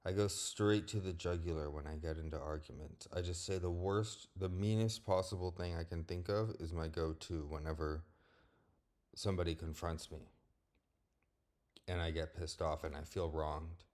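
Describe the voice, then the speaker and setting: A young man with a deep, low-pitched voice talks straight to the camera in a personal vlog. He is blunt and candid, and he swears freely. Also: fairly even intonation, moderate pace, darkish tone. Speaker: vlogger. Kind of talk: personal monologue.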